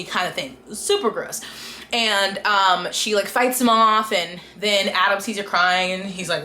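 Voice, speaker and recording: A woman's voice: medium pitch, moderate pace, sharp tone, reverberant, slight background noise. A woman giving an exasperated, casual book review rant and acting out the characters' lines along the way.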